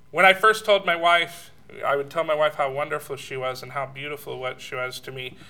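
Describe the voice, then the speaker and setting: A man preaching a sermon, telling personal stories with chuckles and at times sinking to a soft hush. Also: on the high side, fairly even intonation, moderate pace, pauses often.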